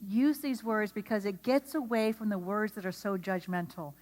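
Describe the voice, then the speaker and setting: A woman's voice: medium pitch, moderate pace. Woman lecturing teachers in a reverberant hall. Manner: animated, asks the audience questions. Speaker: speaker at an educator training.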